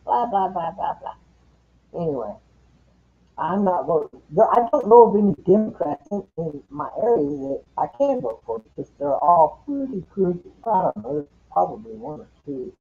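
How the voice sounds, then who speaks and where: High, lively rambling man on lo-fi stream. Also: moderate pace, creaky. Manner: rambling, profane, opinionated. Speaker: livestream host. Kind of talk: casual late-night chat. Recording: dull lo-fi stream audio.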